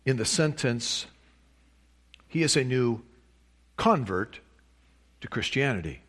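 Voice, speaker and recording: A man's voice: mid-range voice, animated, unhurried, a bit bright. A man preaching a sermon, reading a long quotation and stressing key words with emphatic rises. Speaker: pastor.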